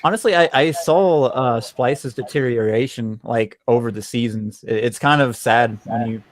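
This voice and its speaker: A man's voice: medium pitch, moderate pace, dry recording. A man hosting a gaming podcast, speaking earnestly and reflectively with small hesitations. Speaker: podcast host. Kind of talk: casual podcast chat.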